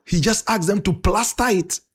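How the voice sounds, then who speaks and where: A Ghanaian man giving a fervent, preacher-style talk to fans, dramatic and bursting into shouts. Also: high voice, moderate pace, husky.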